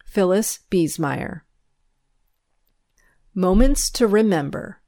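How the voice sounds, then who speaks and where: The speaker is a woman reading aloud from a school paper, news and stories alike. She keeps a measured rhythm and an expressive storytelling quality, at a medium pitch.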